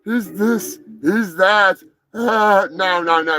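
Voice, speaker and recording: A man's voice: high-pitched, slow, soft background music, rough recording. A man hosting a live stream, rambling and crude in a comedic chat. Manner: rambling, crude, mock-shouting.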